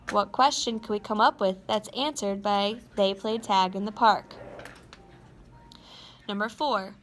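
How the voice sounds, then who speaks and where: A woman teacher giving a recorded class lesson, dictating sentences slowly and clearly and repeating each one. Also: on the high side, a bit bright, slight background noise.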